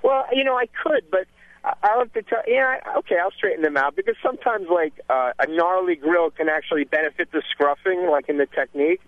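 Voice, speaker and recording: A man's voice: high-pitched, fairly quick, no room sound. Man talking cooking over a phone line. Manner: rambling, with many restarts. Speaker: chef and cookbook author guest. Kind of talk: casual radio interview talk.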